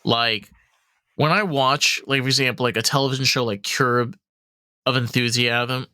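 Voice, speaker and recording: A young man hosting a podcast, telling animated, profanity-laced stories in casual chat full of fillers. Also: mid-range voice, normal speed, no room sound, studio quality. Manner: animated storyteller, swears freely, many fillers. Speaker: podcast host.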